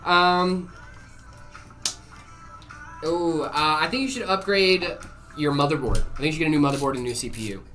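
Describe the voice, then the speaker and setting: A man's voice: on the high side, moderate pace, long pauses, faint music behind. A man hosting a live stream, casually answering viewer questions with lots of "uh" and "um" and easy jokes. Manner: relaxed, full of "uh" and "um" fillers, jokey.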